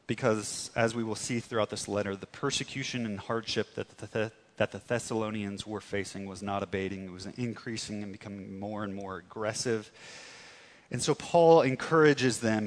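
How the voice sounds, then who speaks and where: A man preaching a sermon earnestly, stressing words and dropping to soft tones for emphasis. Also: lowish voice, long reverb tail. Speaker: pastor.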